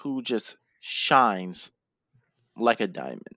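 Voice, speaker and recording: A man's voice: on the low side, big pitch swings, takes it slowly, pushed and bright, no echo, clean studio sound. Tired, joking male podcast host. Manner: playful, jokey, rambling with fillers. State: yawning, tired. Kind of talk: casual wrestling recap podcast.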